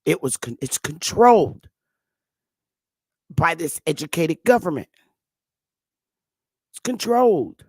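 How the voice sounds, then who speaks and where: Woman host of her own vlog; slow, laughing, swearing rant at viewers, recorded dry and close. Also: deep voice, sing-song, slightly rough, dry recording. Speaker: vlogger. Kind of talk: profane comic rant to viewers. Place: at home, sitting in a chair.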